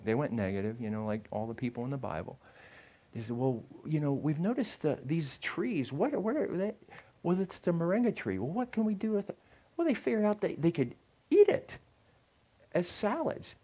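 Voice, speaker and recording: A man's voice: fairly high pitch, darkish tone. An older man giving a sermon as a guest preacher, talking in a conversational way and asking the congregation questions.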